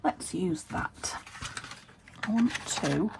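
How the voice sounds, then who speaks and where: Chatty British woman, gravelly voice. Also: lowish voice, lively intonation, extremely slow. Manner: chatty, thinks aloud, self-talking with little laughs. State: recovering from a fever. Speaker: craft vlogger. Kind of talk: casual crafting chat. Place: home craft desk, window open. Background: traffic through an open window.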